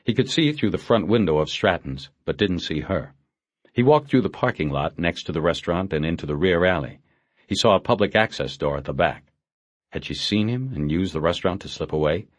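Man, deep voice, steady audiobook narration, dry close mic. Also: no room sound. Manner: steady, measured reading. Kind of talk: scripted narration.

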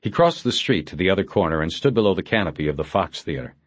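A man reading a novel aloud in a steady, measured way. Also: low-pitched, dry recording, clean studio sound. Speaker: audiobook narrator. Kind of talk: scripted narration.

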